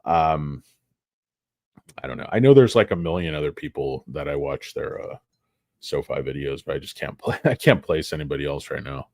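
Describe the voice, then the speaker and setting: A man's voice: very deep voice, normal speed, a little mellow, dry recording, studio quality. A man hosting a stock market video, talking in a casual, joking, irreverent ramble full of fillers.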